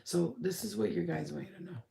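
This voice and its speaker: A woman's voice: lowish voice, fairly quick, vocal fry, warm tone, echoey room, slight background noise. A woman giving a casual channeled spirit reading, rambling and blunt, swearing freely.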